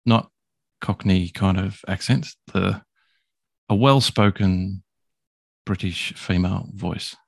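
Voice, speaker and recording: A man chatting casually as a co-host, relaxed and hesitant with restarts. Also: sits low, slow pace, vocal fry, long pauses, slightly rough, no echo. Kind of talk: casual chat.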